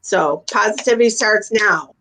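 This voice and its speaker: A woman's voice: medium pitch, normal speed, pushed and bright. A woman hosting a casual chat, easygoing and encouraging toward her guest. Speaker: host.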